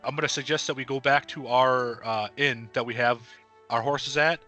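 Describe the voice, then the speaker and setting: A man's voice: medium pitch, fairly even intonation, moderate pace, sharp tone, soft background music. A man playing a tabletop fantasy game over a video call, talking eagerly with hesitations. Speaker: player. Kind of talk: casual game chat.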